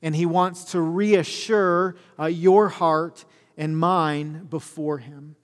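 A man's voice: fairly high pitch, fairly even intonation, takes it slowly. A man giving a sermon as pastor, conversational and self-deprecating, full of fillers. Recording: long reverb of a church hall.

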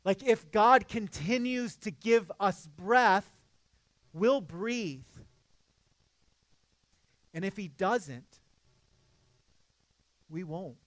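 High-voiced man preaching a sermon, dry sound. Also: extremely slow, long pauses, a bit bright, no echo. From Midwest United States. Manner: earnest, conversational preaching with frequent restarts. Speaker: pastor.

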